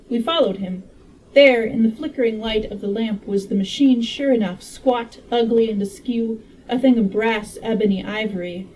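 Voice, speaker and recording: Mellow-voiced woman reading a classic novel. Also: medium pitch, distant mic, slight background noise, poor audio. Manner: reads steadily, breaks off for joking asides. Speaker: audiobook reader. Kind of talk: casual read-aloud narration.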